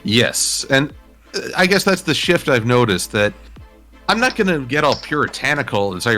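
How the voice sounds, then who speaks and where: A man answers interview questions in a casual chat. His voice is bright, and his pitch moves around a lot. He talks in a measured, reflective way, often pausing to find the next word. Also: very animated, soft background music. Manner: measured and thoughtful, with frequent "uh" pauses. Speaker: interview guest, digital artist.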